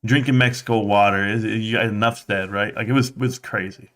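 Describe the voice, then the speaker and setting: A man hosting a livestream, telling a personal story in a casual, animated way, jumping into a higher voice to act out quotes. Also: brisk. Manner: animated, acts out quotes in a high voice; conversational, with fillers and restarts. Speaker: livestream host.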